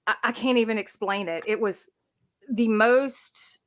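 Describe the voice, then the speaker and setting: A middle-aged woman with a Southern American accent, co-hosting a podcast in casual, animated chat, laughing and exclaiming often. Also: a little high, unhurried. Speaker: podcast co-host.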